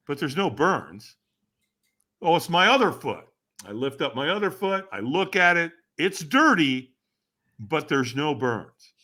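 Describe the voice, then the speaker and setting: A man who is a guest on a podcast, telling a story dramatically and acting out the voices and shouts of the people in it. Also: a little high. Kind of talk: animated storytelling.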